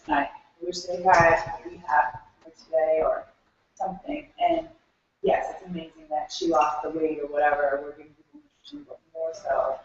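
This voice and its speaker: Speaker, lively, rambling, distant, very echoey, faint noise. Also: mid-range voice, lo-fi sound. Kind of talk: group sharing. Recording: distant mic in a very echoey room.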